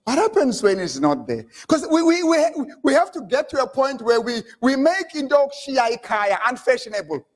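A man preaching a sermon in a church, switching between English and Xhosa and building up to shouted lines. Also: extremely high pitch, very animated, moderate pace, hardly any pauses. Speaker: pastor.

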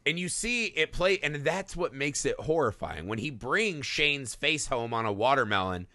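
A man co-hosting a film podcast, talking casually and profanely, slipping into quick character voices. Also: mid-range voice, very animated, sharp tone, no echo. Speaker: podcast co-host.

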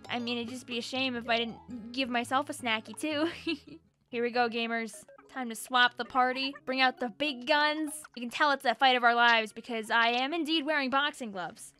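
High, bright, excitable woman gamer. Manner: excitable, joking, talks to the game characters. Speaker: gaming channel host. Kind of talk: let's play commentary.

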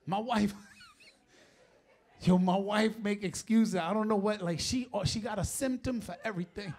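A middle-aged man with a New York accent doing a profane stand-up set on a live stage, often shouting his punchlines and laughing through the bits. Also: high-pitched, measured pace. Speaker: stand-up comedian. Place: live comedy stage before an audience.

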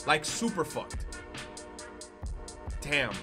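A young man reacts to an anime episode with excitable, profane commentary, and his voice sits high for a man. He talks at an unhurried pace, with faint music running underneath. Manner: excitable, swearing, emotional outbursts. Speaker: reaction streamer.

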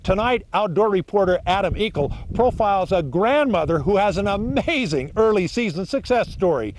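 Male studio anchor, slightly high voice. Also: animated, moderate pace, a little hiss or hum. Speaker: news anchor. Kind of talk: scripted studio introduction.

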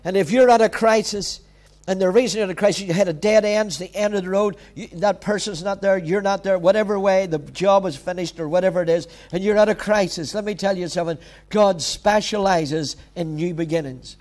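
Male pastor, high-pitched, emphatic repetitive sermon delivery. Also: fairly quick, a little mellow. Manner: emphatic, repetitive preaching with direct exhortations.

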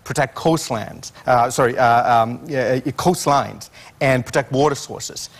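A man's voice: mid-range voice, measured pace. A male scientist guest on a late-night talk show, telling stories with lots of fillers and restarts. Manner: animated storyteller, fillers and restarts.

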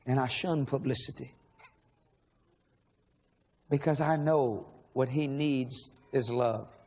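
A man's voice: mid-range voice, slow pace, a little mellow, slightly rough. A man preaching a sermon in a large church, emotional and pleading, asking the same questions again and again. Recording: long echo of a large hall.

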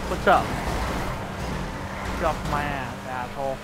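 A man giving casual gameplay commentary, swearing and trash-talking other players, with sudden loud outbursts. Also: a little high, steady tone, moderate pace, long pauses. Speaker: gamer. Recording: clear game noise behind voice.

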